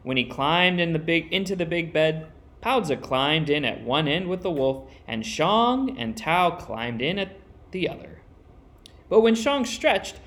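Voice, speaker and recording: A man reading a children's picture book aloud as storyteller, expressive and with dramatic pauses. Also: a little high.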